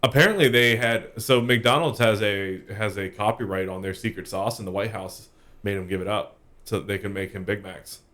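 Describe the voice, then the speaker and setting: A man's voice: on the low side, normal speed, bright, forceful tone. A young man co-hosting a podcast stream, bantering sarcastically with jokes and swearing. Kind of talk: casual chat.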